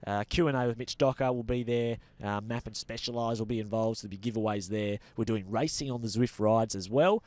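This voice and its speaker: A man's voice: lowish voice, fairly quick, few pauses, no room sound. Chatty Australian man co-hosting. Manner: energetic, chatty, lots of fillers. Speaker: cycling show co-host. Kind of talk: casual sports chat.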